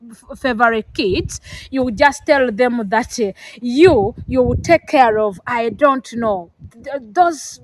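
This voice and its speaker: A woman's voice: high voice, no echo, poor audio. A middle-aged woman from Africa giving an earnest, lecturing talk about parenting, with many fillers and restarts, emotional and near tears. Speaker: vlogger. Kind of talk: emotional personal talk to camera.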